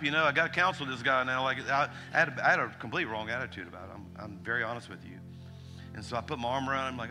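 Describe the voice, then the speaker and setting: A man's voice: mid-range voice, quick pace, music in the background. A man, preaching a sermon as a pastor, telling stories animatedly and acting out the voices in them. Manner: animated, acts out quotes, frequent restarts. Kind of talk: sermon storytelling.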